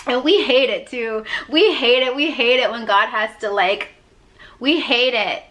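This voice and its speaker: Woman life coach, high and bright, preaching motivation in a chatty, emphatic way. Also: a little slow. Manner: emphatic and preachy, acting out God's voice with loud high swoops; repetitive, conversational, with frequent "like". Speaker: life coach and podcast host. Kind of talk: motivational spiritual talk.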